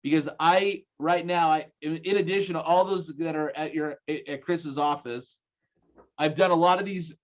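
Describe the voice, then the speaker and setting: A man's voice: a little high, moderate pace, highs cut off. Upbeat Utah man presenting over a call. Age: 40s. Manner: energetic, rallying the audience with questions. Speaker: guest speaker. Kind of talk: live seminar presentation.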